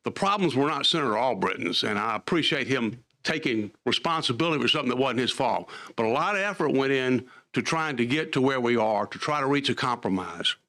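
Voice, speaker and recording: An older man testifies before a committee as a lawyer. His voice is bright and forceful, and he lays out his points with emphatic, animated explanation while keeping to an ordinary middle pitch. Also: fairly quick, hardly any pauses. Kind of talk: formal testimony.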